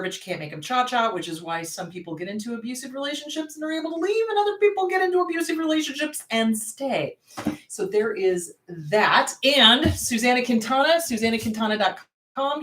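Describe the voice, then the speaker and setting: Animated, emphatic woman therapist. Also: medium pitch. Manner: emphatic, repeats words for stress. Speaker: therapist and show host. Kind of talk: casual advice talk to camera. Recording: roomy, distant mic.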